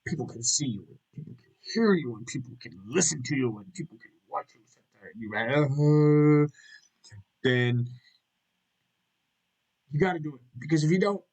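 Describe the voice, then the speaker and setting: A man's voice: medium pitch, moderate pace, gravelly, pauses often, a little mellow, husky, rough recording. A middle-aged man rambling through a casual vlog monologue, jokey and self-mocking, with frequent swearing. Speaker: vlogger.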